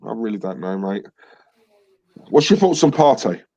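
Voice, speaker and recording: A man hosting a fan chat, frank and blunt about his team's play. He keeps saying "let's be honest" and sighs now and then. His mid-pitched voice comes through a dull, lo-fi recording. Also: big pitch swings, normal speed, dark tone. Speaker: fan channel host. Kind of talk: casual football chat. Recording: dull, lo-fi sound.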